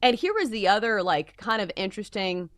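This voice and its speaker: Woman co-host, conversational sports opinion, animated pitch, dry mic. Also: fairly quick, no echo. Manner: opinionated, frequent "like" fillers. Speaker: sports betting show co-host. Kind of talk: casual sports talk.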